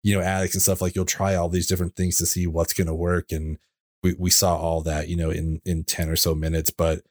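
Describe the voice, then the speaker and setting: Man, very low voice, dry close sound, laid-back co-host, casual and keen. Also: brisk, no room sound. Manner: relaxed, enthusiastic, with fillers like "you know". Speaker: podcast co-host. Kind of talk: casual chat.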